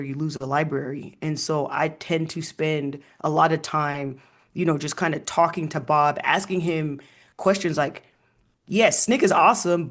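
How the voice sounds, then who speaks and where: Brief: male historian guest, somewhat high-pitched, animated storyteller, relaxed interview. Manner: animated storyteller with frequent ums and laughs. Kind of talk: casual interview conversation.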